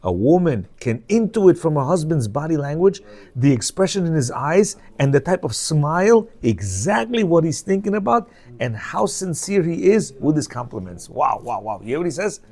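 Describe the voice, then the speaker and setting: Guy reading and explaining a book to a room of men, mellow, keeps asking do you hear. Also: a little high, sing-song, normal speed. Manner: conversational, repeats questions to the listeners. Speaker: Torah class teacher. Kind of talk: reading a book aloud and explaining it to a men's class.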